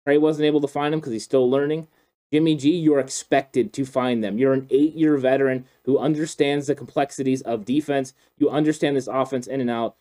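A man's voice: mid-range voice, mellow. A man co-hosting a football chat, speaking in a fired-up, emphatic way with lots of repetition. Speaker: co-host. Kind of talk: passionate football opinion chat.

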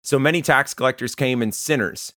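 A man's voice: medium pitch, fairly quick, sharp tone, dry recording, clean studio sound. A man, a pastor, preaching a sermon in a conversational, storytelling way. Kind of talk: sermon to listeners.

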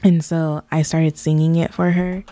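A woman's voice: deep voice, little pitch movement, moderate pace, dark tone. A woman co-hosting a podcast, chatting casually and telling stories with many "like" fillers. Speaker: podcast co-host. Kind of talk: casual chat.

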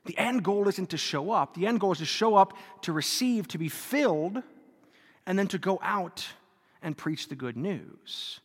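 A man's voice: high voice, animated, moderate pace, breathy edge. A man in his thirties, a Catholic priest, preaching a conversational, self-deprecating sermon to a live congregation. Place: church before a live congregation. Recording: reverberant church hall.

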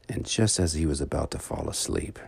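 A man narrating a children's bedtime adventure story in an expressive, dramatic read-aloud manner. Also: very deep voice, creaky, a little hiss or hum.

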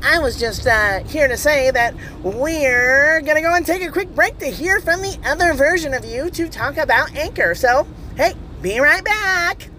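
A man's voice: very high-pitched, animated, measured pace, few pauses, pushed and bright, a little hiss or hum, pitched above the performer's own voice, heavily acted, poor audio. A man voicing an eager male sidekick who politely cuts in with a hesitant manner.

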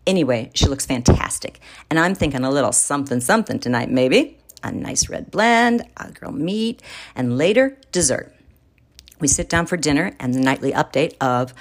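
Female narrator, low and very animated, wry and theatrical delivery. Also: moderate pace. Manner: wry, theatrical, big swings in pitch. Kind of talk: first-person story reading.

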